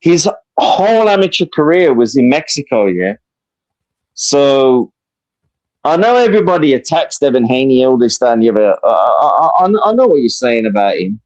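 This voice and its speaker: A man in his fifties from the UK with a Birmingham accent, calling into a live stream and talking fast and animated, swearing freely and repeating "listen, bro". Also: mid-range voice, poor audio. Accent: Birmingham English. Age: 50s. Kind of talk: casual chat.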